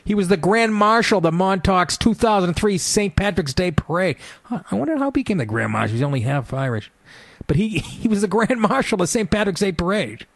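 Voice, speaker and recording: A man's voice: a little high, no echo. Profane radio guy riffing on the news, dry studio sound, sarcastic. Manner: sarcastic, swears a lot, jumps between mock voices. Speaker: radio show host. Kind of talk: profane comedic radio rant.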